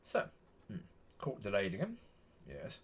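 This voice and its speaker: An exasperated vlogger chats plainly to camera, rambling in circles and repeating his points. His husky, fairly low voice swoops wildly in pitch, and he takes an unhurried pace.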